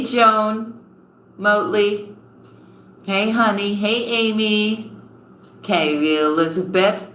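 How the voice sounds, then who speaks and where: Unhurried, bright-voiced woman doing a live tarot reading, affectionate with her viewers, in a roomy space. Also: medium pitch, slight background noise. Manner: affectionate, calls viewers honey and sweetheart. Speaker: tarot reader. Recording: roomy echo with faint ambience.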